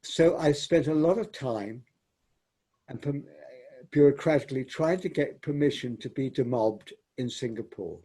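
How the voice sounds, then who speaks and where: Older man with a husky, mellow voice. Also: mid-range voice. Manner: reflective storyteller, repeats words and restarts, occasionally clears throat. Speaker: theatre director, interview guest. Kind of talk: reminiscing conversational interview.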